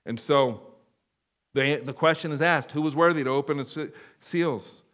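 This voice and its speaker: A male pastor preaching a sermon in a church room. His voice sits a little higher than most men's, and he swings between loud, emphatic bursts and hushed, low passages, often restarting his sentences. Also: moderate pace, highs cut off.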